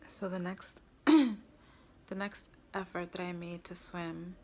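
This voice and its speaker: A woman's voice: lowish voice, steady tone, slow, a little mellow, slight background noise. A woman vlogger earnestly recounting a personal story to camera, with frequent fillers.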